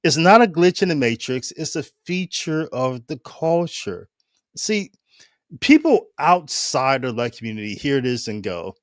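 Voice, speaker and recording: A man from Ohio hosting his own show, talking in animated, casual commentary and laughing often. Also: mid-range voice, unhurried, no room sound, studio quality. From Ohio, United States. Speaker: show host.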